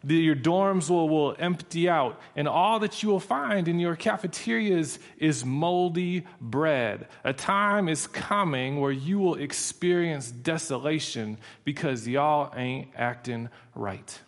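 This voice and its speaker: A man's voice: fairly high pitch, slow pace, few pauses, in a large hall. A man voicing a ranting chaplain who scolds big schools with a drawling rant of doom. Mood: scolding.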